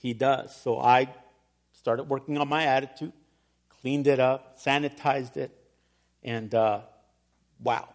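A middle-aged man preaching a sermon as pastor, telling a personal story with humor and animated emphasis. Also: mid-range voice, slow, pauses often. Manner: storytelling, animated, laughs at himself.

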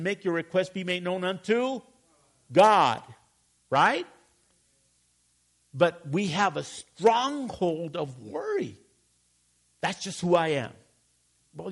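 A male pastor preaching a sermon, animated and calling for responses from the congregation. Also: fairly high pitch.

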